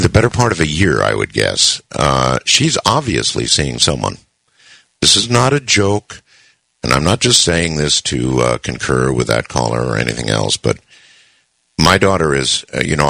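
A middle-aged man hosting a call-in radio show, talking in a slow, measured and deliberate way with long pauses. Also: a bass voice, creaky, bright, forceful tone, no room sound. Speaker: radio talk show host.

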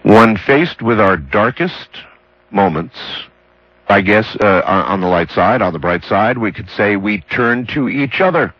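A man's voice: fairly low pitch, lively intonation, unhurried, slightly rough, no echo. A man hosting a late-night call-in radio show, musing aloud with stammered restarts and dry jokes. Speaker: radio talk show host. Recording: dull lo-fi broadcast sound.

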